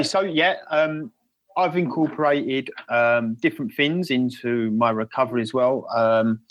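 A man's voice: medium pitch, no room sound, rough recording. Earnest Essex man with many restarts. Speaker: podcast guest. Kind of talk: casual podcast chat. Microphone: remote call.

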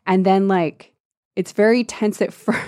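A woman's voice: mid-range voice, fairly even intonation, measured pace, warm tone, no room sound. Laughing sarcastic woman, dry sound. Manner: laughing, sarcastic, acts out characters' lines. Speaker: podcast co-host discussing a book. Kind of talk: casual chat.

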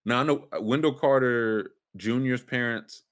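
A man's voice: medium pitch, measured pace. A man hosting a casual sports podcast, rambling with fillers and restarts and a sarcastic streak. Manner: sarcastic, wry.

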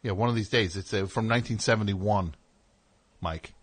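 A man's voice: fairly low pitch, normal speed, slightly rough. A man hosting a radio show, telling a story in a casual, rambling way with wry asides in the studio.

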